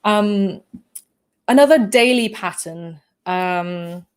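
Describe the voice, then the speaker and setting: A woman's voice: mid-range voice, takes it slowly, clear, resonant tone. A woman with a slightly shifted English accent, hosting a casual livestream Q&A and answering chat comments with many fillers, restarts and apologies. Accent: English, shifted by living in the Netherlands. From England. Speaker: livestream host.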